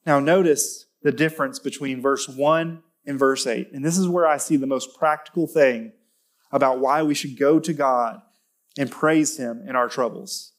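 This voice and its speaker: A man's voice: mid-range voice, moderate pace. A man preaching a sermon in a church, talking in a conversational way with restarts, then rising to emphatic, lifted stretches when he stresses a point. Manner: conversational with self-corrections and restarts. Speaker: pastor.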